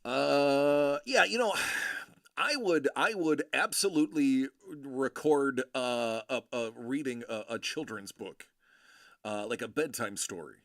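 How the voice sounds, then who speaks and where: A man's voice: mid-range voice, slow, a bit bright, dry recording, clean studio sound. A man hosting a casual live stream, rambling and joking as he reads comments, often stopping and restarting. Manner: rambling, self-interrupting, joking. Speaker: collectibles live-stream host.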